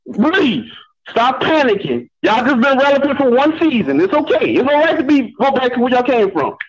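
A male caller on a radio show, laid-back and reassuring, repeating himself to calm listeners. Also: extremely high pitch, moderate pace, husky, highs cut off. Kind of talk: call-in radio chat.

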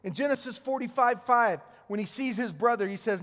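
A man's voice: very high-pitched, brisk, few pauses, a bit bright. A man preaching a sermon, retelling Bible stories with restarts and repeated words. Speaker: pastor. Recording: long hall reverb.

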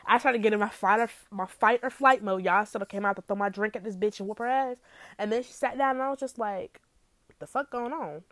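A woman's voice: brisk, dry recording. Brash, profane young woman, dry close sound. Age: young adult. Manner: brash, profane, animated with big pitch swings. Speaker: podcast host. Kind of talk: casual storytelling monologue.

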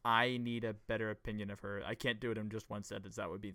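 A man's voice: fairly low pitch, flat delivery, quick pace, pushed and bright, no room sound. A man co-hosting a casual podcast chat, talking ideas through in a thoughtful, analytical way. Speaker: podcast co-host.

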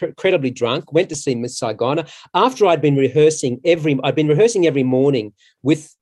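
A middle-aged man, a stage actor, telling a long anecdote in a casual, halting way with many restarts. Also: medium pitch, darkish tone. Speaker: musical theatre actor, interview guest.

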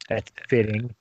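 A man's voice: on the low side, lo-fi sound, slight background noise. A man playing a tabletop role-playing game who jokes and laughs often. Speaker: player. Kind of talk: tabletop role-play chat.

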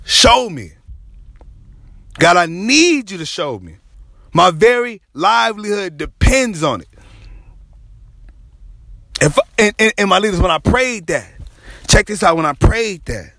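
A man's voice: high voice, very animated, sharp tone, dry recording. Impassioned man preaching a sermon. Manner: impassioned, repetitive, dramatic pauses, half-sung cries.

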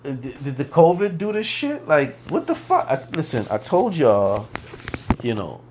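A man's voice: a little high, wildly swooping pitch, background noise. A man hosting a casual solo podcast, ranting in disbelief, profane and rambling, with lots of repeats and fillers. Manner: drawn-out disbelieving emphasis. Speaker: podcast host.

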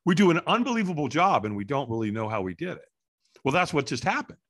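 A middle-aged man, a guest in an interview, telling a story with energy and acting out the voices and shouts of the people in it. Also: on the high side, fast talker. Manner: lively, acts out quoted voices and shouts. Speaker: interview guest, firewalk instructor.

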